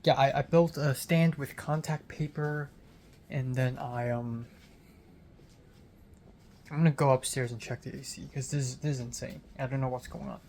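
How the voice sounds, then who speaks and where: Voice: mid-range voice, fairly even intonation, moderate pace, long pauses, darkish tone. A vlogger talking through their day in a casual late-night video diary, rambling with lots of fillers and restarts, swearing casually and sounding a little lispy from a sore tongue.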